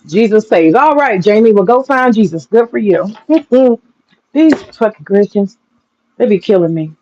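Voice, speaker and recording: A woman with a warm, expressive mid-range voice, speaking at a measured pace, rants to her livestream chat in a casual, blunt, profane way and laughs often. Dull lo-fi sound and faint noise mark the recording.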